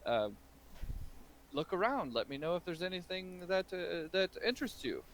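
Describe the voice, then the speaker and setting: A man's voice: sits high, sing-song, normal speed, fairly bright tone, a little hiss or hum, voice pushed up, heavily acted. A man voicing a fussy older male shopkeeper dressed in silks, speaking politely in a raised voice.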